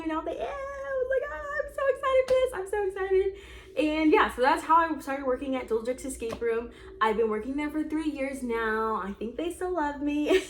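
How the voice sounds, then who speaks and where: A young woman in her twenties telling a story in a chatty, dramatic way, full of fillers, as the host of her own vlog. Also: mid-range voice. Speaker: escape room vlogger. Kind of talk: casual storytelling monologue. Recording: echoey room.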